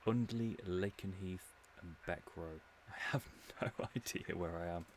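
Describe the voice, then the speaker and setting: A man's voice: sits low, a little slow, a little hiss or hum. An English man streaming a game, musing and rambling in a casual commentary with dry humour. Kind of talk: casual commentary while playing.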